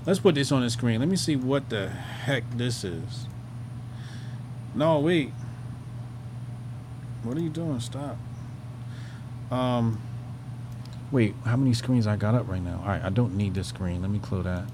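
Casual male host with an even, middling voice, chatting off the cuff, swearing a lot and stalling on "um" while he fumbles around. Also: medium pitch, unhurried, pauses often, noisy background. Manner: rambling, loose, swears freely, trails off with "um". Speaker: host of a commentary show. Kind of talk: casual profane commentary.

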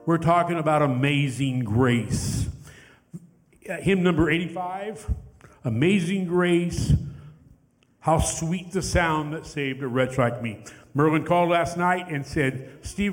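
A man leading a congregation in hymns, who pauses to tell a story in a soft, heartfelt voice that sinks very quiet. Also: a little high. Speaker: worship leader and chaplain. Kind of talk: hymn leading with spoken testimony. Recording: reverberant hall with loud music.

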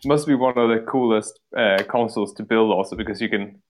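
A man's voice: on the low side, fairly quick. A man chatting casually about tabletop wargaming with enthusiasm, often laughing. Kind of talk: casual chat.

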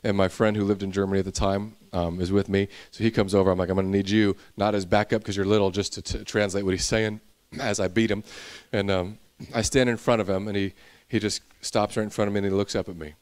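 A man's voice: lowish voice, level tone, fast, darkish tone. A young male pastor preaching a sermon, telling a personal story and building into intense preaching.

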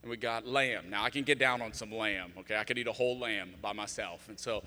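A man preaching a sermon, telling a comic story with lively, animated delivery. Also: fairly low pitch, a little fast, big-room sound. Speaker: pastor. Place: large church hall.

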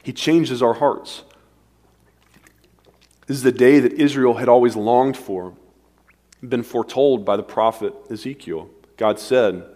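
A man delivers a sermon in a mid-range voice, rising to emphatic peaks and then dropping to a hush. His voice rings out with the long reverb of a large hall. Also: medium pitch, measured pace, long pauses. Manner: dynamic delivery, swinging between emphatic and hushed. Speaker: pastor.

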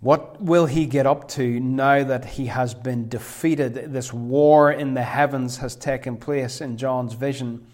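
A man preaching a sermon, emphatic, slowing right down whenever he quotes scripture. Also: medium pitch, fairly even intonation, a little mellow.

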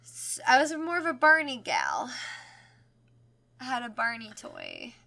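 A woman co-hosting a podcast in casual chat, chatty and quick to laugh, with some swearing. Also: a little high, wildly swooping pitch, vocal fry, pushed and bright. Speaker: podcast co-host.

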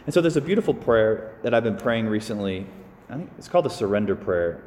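A priest giving a casual, animated homily to his congregation, with sighs and small asides. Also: fairly low pitch, fast, long reverb tail, a little hiss or hum. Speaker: Catholic priest. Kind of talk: conversational homily.

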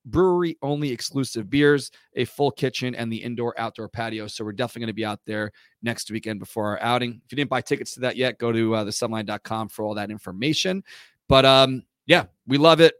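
A man's voice: mid-range voice, fairly quick, clean tone, no room sound, clean studio sound. A man hosting a casual podcast, chatty and rambling, with fillers and self-corrections. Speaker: podcast host. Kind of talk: casual chat.

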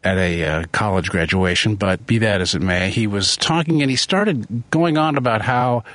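A man's voice: on the low side, normal speed, fairly bright tone, no room sound. A man giving spoken commentary, thinking aloud with many restarts and fillers.

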